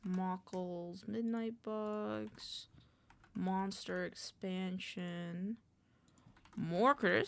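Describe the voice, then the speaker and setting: Gravelly, lively-voiced woman streamer. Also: lowish voice, takes it slowly, dry recording. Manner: rambling, mutters lists to herself, greets chat. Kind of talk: casual live-stream chat.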